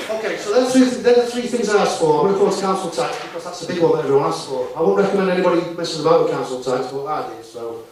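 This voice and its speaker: Racing with hardly any pauses, this male speaker talks live to a conference audience in a chatty style full of rhetorical questions. His expressive voice leans high, and the distant mic picks up an echoey hall, faint noise, and a crowd in the background.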